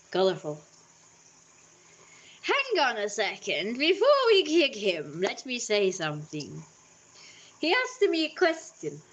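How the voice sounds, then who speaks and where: A woman's voice: medium pitch, a bit bright. A woman live streaming in a playful, theatrical persona, slipping in and out of put-on accents and dropping into whispered asides.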